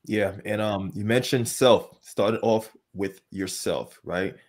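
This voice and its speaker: A man's voice: fairly low pitch, takes it slowly, a little mellow. A man hosting a podcast interview, easygoing and affirming as he leads the conversation. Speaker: podcast host.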